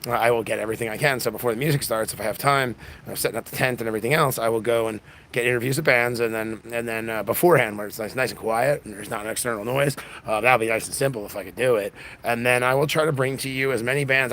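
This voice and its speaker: A man's voice: mid-range voice, a bit bright, a little hiss or hum. An exhausted man hosting a casual livestream, rambling with lots of restarts, recorded on a phone. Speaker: livestream host.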